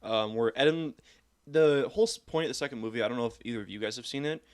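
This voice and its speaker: A young man on a casual podcast, rambling through a story at an ordinary middle pitch. He gets animated and swears freely as he goes. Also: fast talker, clean tone. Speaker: podcast co-host. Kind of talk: casual chat.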